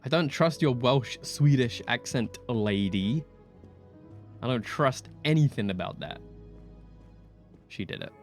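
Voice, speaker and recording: A man giving chatty, excitable gameplay commentary as a streamer, full of quick asides. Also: mid-range voice, faint music behind. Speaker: gaming streamer.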